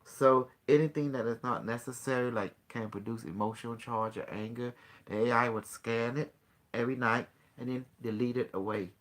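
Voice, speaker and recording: A man's voice: medium pitch, fairly even intonation, moderate pace. A man hosting a call-in show, talking casually in a rambling, boastful way. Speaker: show host.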